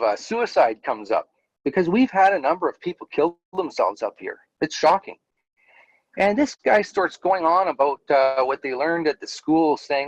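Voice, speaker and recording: Man, higher-pitched voice, earnest and animated storytelling, slightly dull audio. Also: dry recording. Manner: earnest, animated, laughs while telling stories. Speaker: interview guest, former Jehovah's Witness elder. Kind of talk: candid conversational storytelling.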